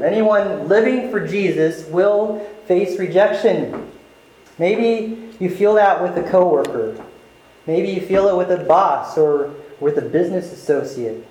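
A man's voice: fairly high pitch, darkish tone. Emphatic man preaching in an echoey hall. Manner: emphatic preaching, acting out quotes with a raised voice. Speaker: pastor. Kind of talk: sermon.

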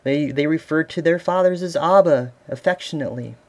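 A man's voice: fairly high pitch, a little fast. A man, a father, preaching a sermon as pastor, earnest and asking the listeners questions. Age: adult father.

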